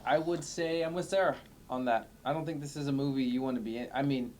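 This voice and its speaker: A man's voice: medium pitch, steady tone, fast, a little mellow, slight background noise. Emphatic man podcast co-host. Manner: emphatic, playful, argumentative. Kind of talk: casual chat.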